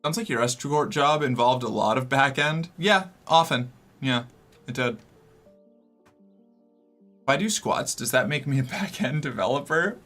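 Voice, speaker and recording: A man's voice: medium pitch, animated, measured pace, long pauses, fairly bright tone, faint music behind. A young man from the US Northeast streaming and chatting casually with viewers, talkative and rambling with many fillers. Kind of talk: casual chat reading viewer messages.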